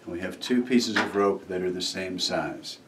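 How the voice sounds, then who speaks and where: Male magician, lower register, easygoing how-to delivery; records a bit off the mic. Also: moderate pace, far from the mic, noisy background. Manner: relaxed, acts out the kids' replies while demonstrating. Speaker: magician teaching a trick. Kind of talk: casual how-to explanation.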